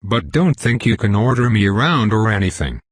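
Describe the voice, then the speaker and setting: A man voicing a stubborn, grumpy old bearded smith in a fantasy audiobook, with a gruff manner. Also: lowish voice, sing-song, moderate pace, dry recording, studio quality.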